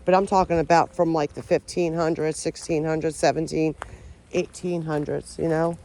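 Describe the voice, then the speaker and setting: A paranormal vlogger speaks casually to the camera among the trees, her talk rambling, often uncertain, and full of restarts. Her voice is low-pitched, level, and mellow at a moderate pace, with slight background noise.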